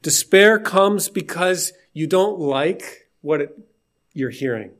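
A man's voice: fairly high pitch, expressive, slow, a bit bright. A man preaching an informal sermon in a conversational, emphatic way.

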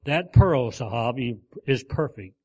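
A man's voice: mid-range voice, animated, slow pace, slightly rough. A man voicing an old pearl diver in a sermon story, speaking earnestly and pleadingly. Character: old male pearl diver, grave and devoted.

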